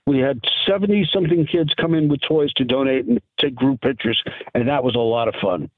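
A man's voice: medium pitch, a little fast, no echo. Middle-aged man, chatty guest storyteller, dry tinny phone-line sound. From New York. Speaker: guest, part-time Santa and lawyer.

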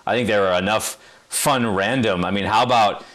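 A man's voice: on the low side, moderate pace, a bit bright. A man co-hosting a sports podcast, talking in long rambling runs with playful asides. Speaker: podcast co-host. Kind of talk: casual sports chat.

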